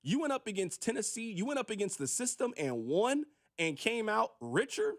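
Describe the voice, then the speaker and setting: Emphatic high-voiced sports radio man. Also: very animated. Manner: emphatic, preachy, acts out quick voices. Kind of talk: opinionated sports radio monologue.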